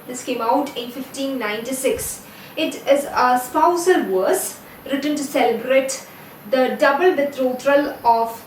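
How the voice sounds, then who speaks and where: A woman with a high voice and an Indian English accent delivers a recorded literature lecture, explaining steadily and occasionally correcting herself. She sounds distant in an echoey room, with slight background noise and faint ambience.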